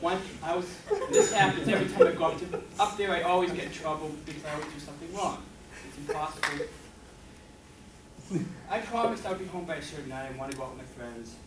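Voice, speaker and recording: A man tells a self-mocking story with a lively, swinging pitch, laughing as he goes. He sounds far from the mic in an echoey room, and loud noise hangs over the recording. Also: fast talker. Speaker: club member telling an impromptu story. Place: meeting room with an audience.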